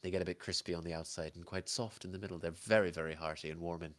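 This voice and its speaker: A man acting as game master, narrating a tabletop game in a relaxed, explanatory way. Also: low-pitched, rapid-fire. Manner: relaxed, explanatory, full of fillers.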